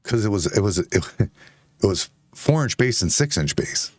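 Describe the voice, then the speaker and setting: A man's voice: lowish voice, lively intonation, normal speed, darkish tone, dry recording. A man arguing heatedly on a bar-talk show, defensive and insistent, swearing and repeating himself. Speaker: co-host.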